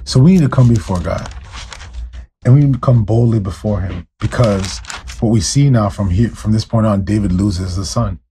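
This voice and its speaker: A man's voice: on the low side, normal speed, warm tone, slight background noise. A man preaching as pastor, fervent and direct with his listeners, driving points home with repeated rhetorical questions. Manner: admits to ranting, addresses listeners directly. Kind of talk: sermon.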